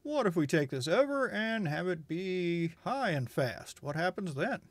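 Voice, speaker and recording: A man with a slightly higher voice talks through a software demo, chatty and wry, thinking aloud as he clicks. His manner is candid and relaxed. The sound is dry and close to the mic. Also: measured pace, dry recording. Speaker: software reviewer. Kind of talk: casual screen-recorded tutorial.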